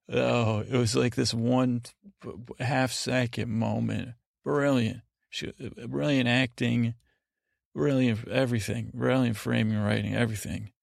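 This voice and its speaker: Man, podcast host, gravelly voice, dry close sound, meandering bedtime recap, digressive. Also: medium pitch, fairly even intonation, unhurried, no room sound. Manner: meandering, digressive, lots of restarts.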